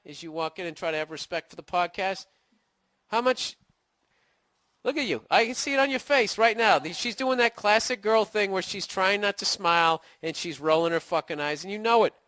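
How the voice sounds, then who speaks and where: A man's voice: high-pitched, a bit bright, no room sound, clean studio sound. A man hosting a podcast, talking in a casual comedic rant full of profanity and sarcastic mock insults. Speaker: podcast host.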